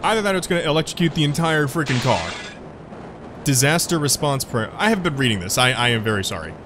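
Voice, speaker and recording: Male let's player; lively, wandering, sorry-sounding commentary, clear noise behind. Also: mid-range voice, fast. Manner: rambling, apologetic, self-deprecating. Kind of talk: casual gameplay commentary.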